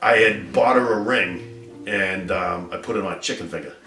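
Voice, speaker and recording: A man's voice: deep voice, moderate pace, bright, forceful tone, far from the mic. A middle-aged man telling the story of his marriage in a casual interview, acting out the quotes with bursts of laughter. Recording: echoey room from afar with music.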